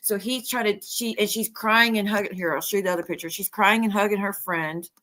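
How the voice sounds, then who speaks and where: A woman hosting a stream, retelling gossip in a rambling, animated way with many restarts. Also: mid-range voice, brisk. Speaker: livestream host. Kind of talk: casual gossip chat.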